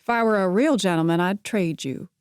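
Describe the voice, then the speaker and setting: A woman's voice: mid-range voice, a little fast, smooth, no echo, clean studio sound, natural voice. A woman reading the part of a playful, charming young man who jokes drolly and teases lightly. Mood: teasing.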